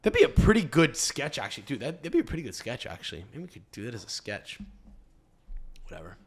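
A male podcast host chatting casually in a rambling, profane way. He often restarts his sentences mid-thought. His voice sits at an ordinary middle pitch. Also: huge pitch swings, fast.

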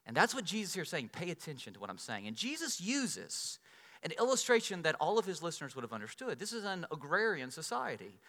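A man preaching a sermon, telling a personal story with lively swings between loud and soft delivery. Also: on the high side, quick pace, in a large hall. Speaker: pastor.

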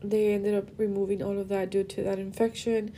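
In a personal podcast monologue, a young woman speaks about her father, rambling, tearful at moments and moving between Spanish and English. She talks fairly quickly at medium pitch in a level, mellow tone, with slight background noise.

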